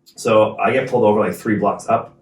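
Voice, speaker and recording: A man in his forties chatting casually on a podcast, an animated storyteller who swears freely. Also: on the low side, brisk. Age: 40s. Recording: roomy, distant mic.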